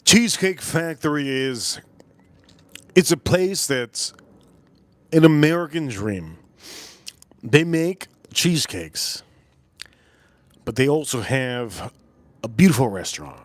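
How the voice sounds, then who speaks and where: A man hosts a livestream and tells a rambling, casual story, circling back and repeating his phrases and swearing in passing. His voice sits in a middle pitch. The sound is dry and close, with no room around it. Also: big pitch swings, slow, pauses often, no echo. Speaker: livestream host.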